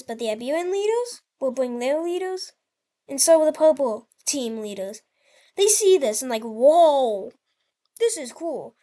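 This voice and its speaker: A woman's voice: high-pitched, dark tone. A woman hosting her channel, narrating an alternate history over a map in a casual, rambling way with frequent restarts. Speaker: channel host.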